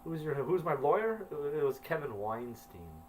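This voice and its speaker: A man's voice: on the high side, very animated, measured pace, distant mic, slight background noise, low-quality recording. Man reading his journal aloud. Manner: reads stiffly then breaks into loose swearing asides. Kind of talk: casual reading aloud with offhand asides.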